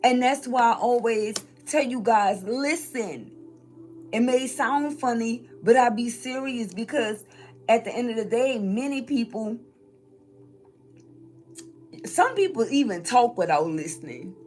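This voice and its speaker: Laughing frequently, a New Orleans woman gives a tarot reading on a live stream, her slightly high voice animated, a little slow and a bit mellow. Soft music plays in the background.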